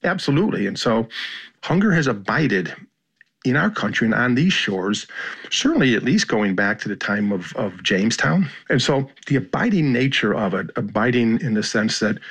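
American male journalist guest, husky, mid-pitched, reflective interview talk. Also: sing-song, a bit bright. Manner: measured, thoughtful, with frequent "you know" and "kind of".

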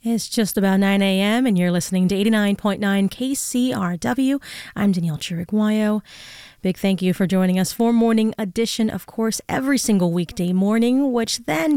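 A woman's voice: mid-range voice, moderate pace, a little mellow, dry recording, studio quality. A woman hosting a public radio morning show, conversational and friendly, interviewing a guest and reading station announcements. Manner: friendly, conversational, some fillers. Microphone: studio mic, dry.

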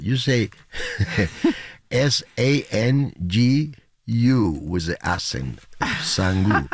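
Older man, deep gravelly laughing voice. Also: no echo. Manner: animated storyteller, bursts into laughter and high-pitched acted quotes. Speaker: interview guest, musician. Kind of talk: radio interview.

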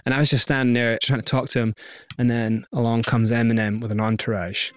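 A man's voice: medium pitch, level tone, brisk, dry recording, studio quality. A middle-aged Scottish man, an interview guest, tells his story candidly and acts out other people's lines as he goes.

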